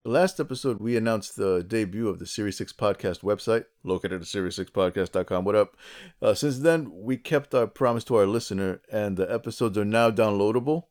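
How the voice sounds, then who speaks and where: A man's voice: fairly low pitch, a little fast, darkish tone. Chatty man co-hosting a podcast. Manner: chatty, jokey, restarts often. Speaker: podcast co-host. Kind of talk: casual podcast chat.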